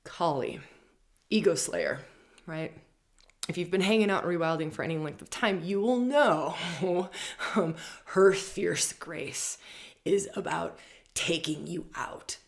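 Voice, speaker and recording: A woman's voice: on the low side, vocal fry. A woman hosting an astrology forecast, talking emphatically and repeating key phrases. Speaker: astrology show host. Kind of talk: spiritual astrology forecast talk.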